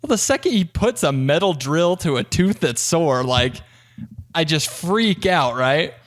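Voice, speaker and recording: A young man with a fairly high voice tells a story on a podcast, swinging his voice way up when he acts out the other side. His delivery is loose and chatty, straight into a desk mic. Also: unhurried. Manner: animated storyteller, acts out both sides with big pitch jumps. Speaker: podcast co-host. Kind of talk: casual chat.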